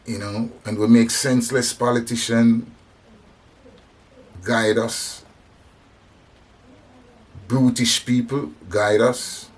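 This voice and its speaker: Speaking slowly with long pauses, a man at medium pitch keeps his delivery flat. He is of African descent, a speaker on religion and society, and his impassioned preaching about compassion is full of emphatic repetitions and restarts.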